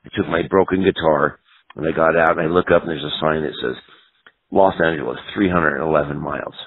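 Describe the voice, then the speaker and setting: A man's voice: very deep voice, a little fast, slightly rough, no echo. A middle-aged man telling rambling, profane road stories as an interview guest. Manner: rambling, profane, lots of "you know". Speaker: punk guitarist interview guest. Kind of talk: casual storytelling interview. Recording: tinny phone-like audio.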